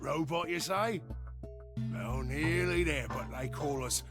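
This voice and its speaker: An actor playing a grumbling male robot golem with a Cockney accent and slangy, gravelly speech in a video game. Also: a little high, slow pace. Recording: game audio under music.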